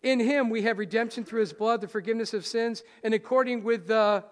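A man with a high voice preaches a sermon to his congregation. He swings from loud rousing lines to hushed soft ones and keeps asking his listeners questions. The hall rings with a long reverb. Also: fairly quick. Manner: speaks straight to the congregation with questions. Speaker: pastor. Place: church hall.

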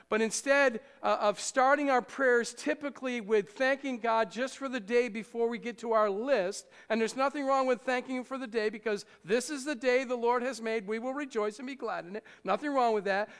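Male pastor, high voice, conversational sermon delivery, long church reverb. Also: a bit bright, clean tone. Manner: conversational, asks the congregation questions.

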